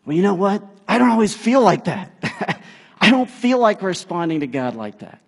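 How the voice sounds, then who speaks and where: A man preaching a sermon in a casual, animated way, building to emphatic peaks. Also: high voice, normal speed, creaky, slightly rough. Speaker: pastor. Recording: long hall reverb.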